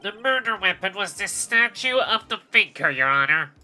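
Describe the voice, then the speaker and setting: A woman's voice: mid-range voice, animated, normal speed, pushed and bright. A woman voicing a pompous male prosecutor in a formal, theatrical courtroom manner.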